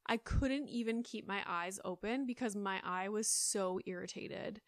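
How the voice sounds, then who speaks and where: A woman's voice: medium pitch, a little slow, dry recording. A woman in her thirties hosting a solo podcast, chatting in a rambling way with lots of fillers, close on the mic. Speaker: podcast host. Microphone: close studio mic.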